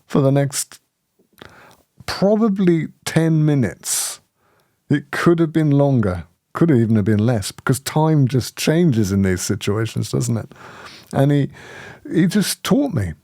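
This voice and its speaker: Mellow-voiced man telling a story. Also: mid-range voice, unhurried, no room sound, clean studio sound. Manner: animated, laughs often, many restarts. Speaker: host of a spiritual community. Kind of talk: conversational storytelling.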